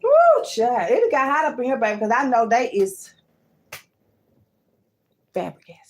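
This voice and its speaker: A woman giving a card-reading monologue, swinging between loud outbursts and hushed asides and calling her listeners "baby" and "child". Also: on the high side, animated, measured pace, a little hiss or hum. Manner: talks to viewers as "baby" and "child".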